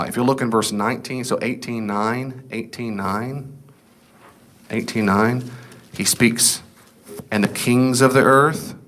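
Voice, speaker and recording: A man's voice: fairly low pitch, fairly bright tone. A middle-aged man teaching a casual Bible class, reading scripture aloud and asking the class questions he then answers himself. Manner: conversational, asks the class questions and answers them.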